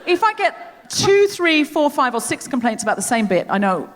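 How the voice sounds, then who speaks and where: A woman from Australia hosting a comedy podcast live on stage, chatting in an animated, self-deprecating way. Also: sits high, normal speed. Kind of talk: live stand-up style chat. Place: large theatre stage. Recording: reverberant theatre, faint audience noise. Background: audience laughter.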